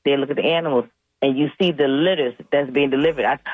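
A woman's voice: rumbling low, fast, no room sound. A middle-aged woman co-hosts a radio chat, spinning a story with lots of laughter and acted-out voices. She sounds thin and narrow, as if heard over a phone line. The sound is dry and close, with no room around it. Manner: animated storyteller, laughs often, acts out voices. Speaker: radio co-host.

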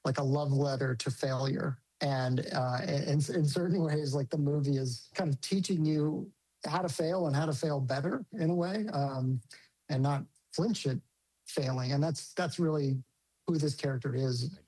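Thoughtful, halting male filmmaker. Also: fairly high pitch, dark tone, low-quality recording. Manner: thoughtful, hesitant, many restarts and fillers. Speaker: film director interviewed. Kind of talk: interview answers.

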